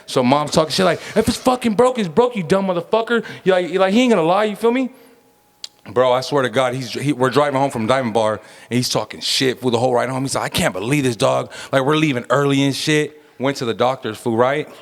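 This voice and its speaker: A man's voice: mid-range voice, fast. A man co-hosting a podcast, telling a family story in casual slang and acting out his father's lines. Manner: slangy, animated, acts out his dad's voice. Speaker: podcast co-host.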